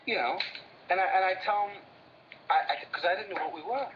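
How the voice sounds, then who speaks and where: Brooklyn guy, high register, blunt and stammery, co-hosting with his brother; dull lo-fi sound. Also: brisk, a little hiss or hum. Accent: Brooklyn New York. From Brooklyn, New York. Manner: stammering restarts, blunt street talk. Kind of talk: casual banter between brothers.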